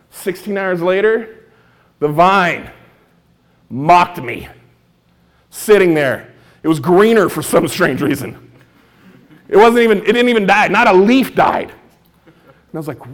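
A male stand-up comedian telling a story to an audience, acting out his own lines and now and then shouting them. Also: sits high.

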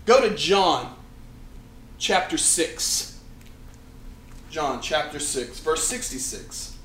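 A young man preaches in a relaxed, conversational way, often stumbling, restarting and correcting himself mid-thought. His voice sits a bit high for a man. The room is echoey, with a faint hum of ambience behind him. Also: very slow. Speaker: campus ministry pastor. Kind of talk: sermon.

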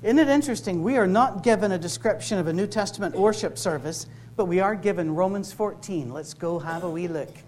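A middle-aged man with a Scottish accent giving a humorous sermon-style talk to a live audience, conversational and full of quick asides. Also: high-pitched, a little mellow, slight background noise. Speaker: campus ministry speaker. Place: workshop room with a live audience.

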